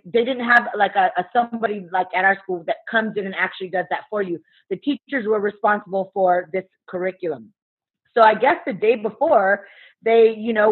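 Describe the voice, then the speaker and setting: A woman who works as a substitute teacher, telling a story in casual chat, animated and swearing freely while acting out what people said. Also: fairly high pitch, breathy edge. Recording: muffled phone-like sound.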